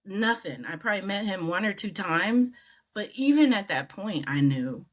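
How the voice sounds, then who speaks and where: Animated woman telling a story. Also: normal speed. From United States. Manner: animated, acts out quoted voices with big pitch jumps. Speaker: interview guest. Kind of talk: casual storytelling.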